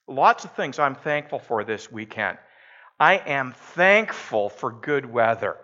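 A man's voice: medium pitch, very animated, takes it slowly, sharp tone, lo-fi sound. A man preaching a sermon in a conversational, storytelling way. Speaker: pastor.

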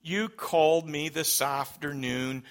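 A man voicing his exasperated, busy mother in a brisk, impatient way. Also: fairly high pitch, steady tone.

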